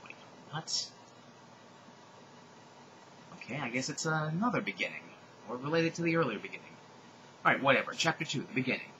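A man's voice: on the high side, expressive, moderate pace, long pauses, pushed and bright, muffled recording, slight background noise. Sardonic man reading fiction aloud. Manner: sardonic, exasperated asides. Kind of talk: comedic dramatic reading with asides.

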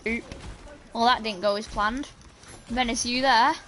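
Woman, gaming commentary, chatty and excitable, somewhat high voice, faint background hiss. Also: measured pace. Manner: chatty, excitable, talks to teammates while playing. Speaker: gaming channel host. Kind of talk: casual gameplay commentary.

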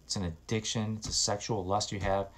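Low-voiced man preaching with earnest urgency. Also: flat delivery, fairly quick, a bit bright, slight background noise. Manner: earnest and exhorting, rising to emphatic bursts. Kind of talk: informal sermon.

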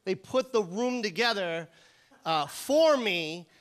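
A man from Los Angeles doing an animated, profane stand-up set. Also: high-pitched, takes it slowly. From Los Angeles, USA. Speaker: stand-up comedian. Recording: comedy club mic with crowd noise.

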